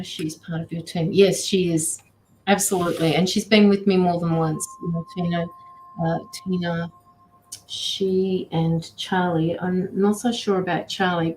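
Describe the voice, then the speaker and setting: A woman's voice: lowish voice, little pitch movement, normal speed, darkish tone, slight background noise. A woman hosting a casual livestream as a tarot reader and medium, chatting affectionately with viewers and fussing over her dogs. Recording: roomy echo with faint music.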